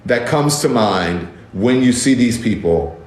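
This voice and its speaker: A man's voice: medium pitch, animated, measured pace, a little mellow. A man giving casual, emphatic commentary as host of his own show, indignant and repeating words for stress. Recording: roomy echo.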